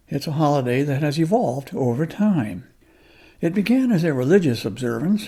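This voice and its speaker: A man's voice: mid-range voice, gravelly, dark tone, breathy edge. A man delivering a scripted radio commentary in a wry, lightly joking manner.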